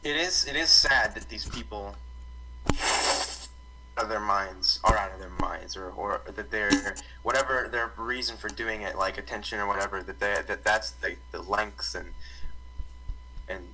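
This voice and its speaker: A young man in casual online chat on a voice call, rambling with restarts and animated outbursts. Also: fairly low pitch, a little slow, background noise. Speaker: podcast co-host. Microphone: computer mic on voice call.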